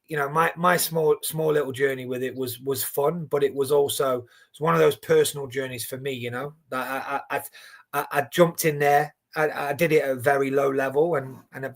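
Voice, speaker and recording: A man in his forties, an animated storyteller who swears freely and restarts his sentences often, chatting casually on a boxing stream. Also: medium pitch. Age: 40s. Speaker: boxing watchalong co-host. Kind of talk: casual chat.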